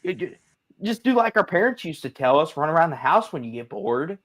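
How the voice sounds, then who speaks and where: A man's voice: a little high, big pitch swings, fairly quick, fairly bright tone. A young man co-hosting a casual sports livestream, teasing his friends and laughing as he talks. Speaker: co-host.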